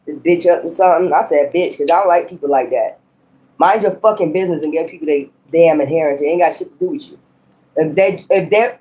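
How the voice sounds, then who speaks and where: A woman's voice: fairly low pitch, mellow. A woman reads tarot cards in a loose, unscripted style. She is blunt and scolding, curses freely and laughs often as she talks to her viewers. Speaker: tarot reader. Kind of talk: casual tarot reading.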